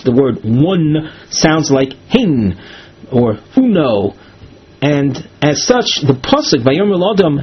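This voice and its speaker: Male teacher, slightly high, husky voice, methodical line-by-line reading and translating, dull lo-fi recording. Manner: methodical, explanatory, reads then translates. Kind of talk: line-by-line text lesson.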